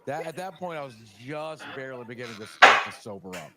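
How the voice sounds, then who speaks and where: A man's voice: medium pitch, lively intonation, fairly quick, heavy background noise. A man casually chatting with friends, crude and emphatic, swearing freely. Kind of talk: casual chat among friends.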